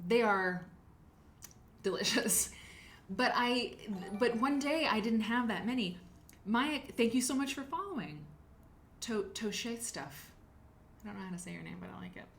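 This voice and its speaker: Hosting a live quilting stream, this woman has a mid-range, slightly bright voice and a chatty, rambling manner. She reads viewers' chat names aloud and thanks each one casually. Slight background noise sits under her voice.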